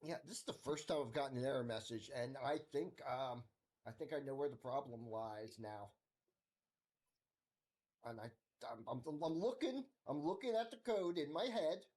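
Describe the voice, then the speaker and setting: A man's voice: medium pitch, moderate pace, darkish tone. A man live-streaming his coding, thinking aloud in a goofy, rambling, sing-song way.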